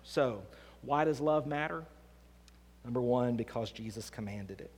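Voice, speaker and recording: A man preaching a sermon as pastor, swinging between hushed and emphatic delivery. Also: medium pitch, unhurried, slightly rough. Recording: long hall reverb.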